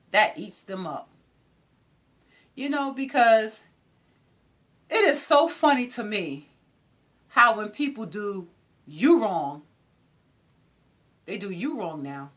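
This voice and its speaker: Woman, inspirational talk, unhurried, lively rising and falling voice, repeats lines for emphasis. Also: medium pitch. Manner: animated, preacherly, repeats phrases for emphasis. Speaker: motivational speaker.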